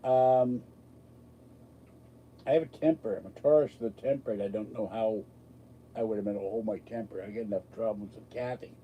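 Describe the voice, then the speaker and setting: A man's voice: lowish voice, fairly even intonation, a little fast, long pauses, dull audio, a little hiss or hum. A man hosting a live stream, chatting casually with a rambling, self-deprecating, joking manner. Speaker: livestream host answering chat.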